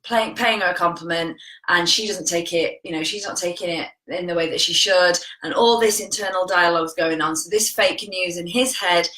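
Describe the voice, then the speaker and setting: Chatty woman with a bright voice. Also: on the low side, normal speed, reverberant, poor audio. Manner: chatty, greets viewers by name mid-story. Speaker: host of a live coaching stream. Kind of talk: casual live-stream talk.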